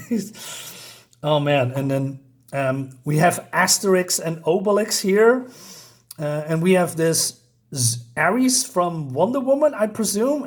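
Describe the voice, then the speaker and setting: Male comic reviewer, a higher voice, casual and amused, rambling chatter. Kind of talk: casual comic review, reading panels aloud.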